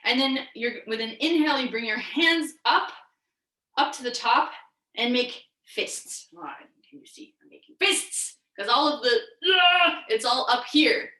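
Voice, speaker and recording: A woman teacher leads a guided movement lesson in an unhurried way. Her voice is bright and a little high, and her playful manner comes with easy laughter. The room around her is echoey. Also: lively intonation. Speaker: energy work teacher.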